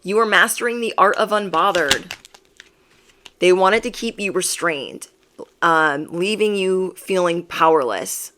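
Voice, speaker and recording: Low-voiced woman reading tarot. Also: measured pace, sharp tone, a little hiss or hum. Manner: emphatic, repetitive affirmations. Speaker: tarot reader. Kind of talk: pick-a-card tarot reading.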